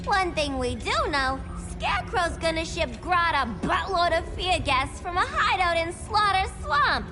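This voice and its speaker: A woman's voice: very high-pitched, big pitch swings, a little slow, few pauses, over music, exaggerated voice. An actress playing a zany, wisecracking female ex-villain scientist who talks in a playful, slangy way in a game cutscene.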